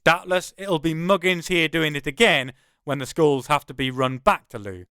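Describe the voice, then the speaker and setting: A man's voice: fairly high pitch, normal speed, sharp tone, smooth, no room sound, clean studio sound. A man, narrating his own first-person audiobook in a wry, conversational way.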